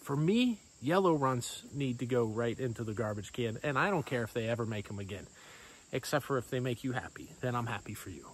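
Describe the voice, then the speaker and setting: A man giving a sermon as a pastor, in a playful, conversational storytelling manner with lively swings in voice. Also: medium pitch, fairly quick, breathy edge, low-quality recording.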